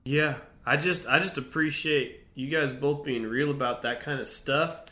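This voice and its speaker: A man's voice: mid-range voice, fairly even intonation, moderate pace, sharp tone, roomy sound. A man co-hosting a faith podcast, speaking hesitantly with many fillers and restarts, a little away from the mic. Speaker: podcast co-host.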